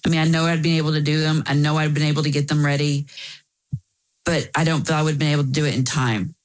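A woman guest in an interview, earnestly telling a personal story with quick asides. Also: low voice, fairly even intonation, rough recording.

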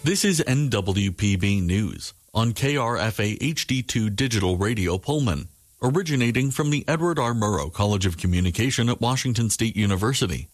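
Low-voiced man giving station ID. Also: animated, a little fast, soft background music. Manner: formal announcer delivery. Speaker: station announcer. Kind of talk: station identification.

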